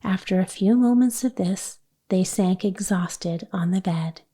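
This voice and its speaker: A woman narrating a children's chapter book audiobook in a calm, measured read. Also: mid-range voice, husky.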